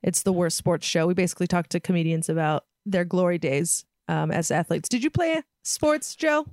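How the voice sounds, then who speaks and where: A woman on a podcast as a guest, talking casually and laughing often, quick to make fun of herself. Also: lowish voice, darkish tone, no echo, clean studio sound. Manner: giggly and self-deprecating.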